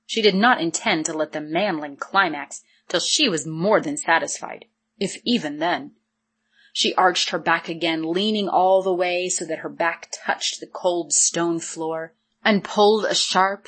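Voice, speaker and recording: A woman narrating an audiobook in a steady, measured reading voice. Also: lowish voice, husky.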